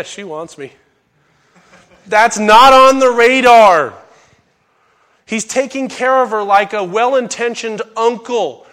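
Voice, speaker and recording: A middle-aged male pastor with a fairly high voice leads a Bible study sermon, teaching scripture in a relaxed, conversational style. He drifts into folksy asides, then erupts in sudden loud bursts when acting out characters' lines.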